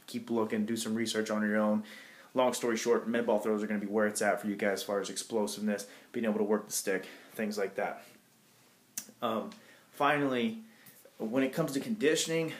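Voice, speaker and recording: A strength coach speaking off the cuff to young athletes, loose and informal, with fillers and mild swearing. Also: male voice, fairly low pitch. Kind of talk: casual training talk to athletes. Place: gym. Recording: echoey room.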